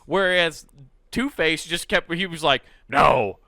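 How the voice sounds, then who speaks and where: A man's voice: mid-range voice, expressive, normal speed, sharp tone, dry recording, clean studio sound. A man co-hosting a casual comedy podcast, playful and profane, laughing often and trying silly accents. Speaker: podcast co-host.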